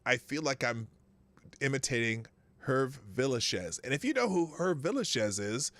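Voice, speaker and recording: Greeting chat viewers by name as he reads them off, a livestream host rambles along chattily and chuckles to himself. His voice sits on the high side and is a bit bright, with no echo in the recording.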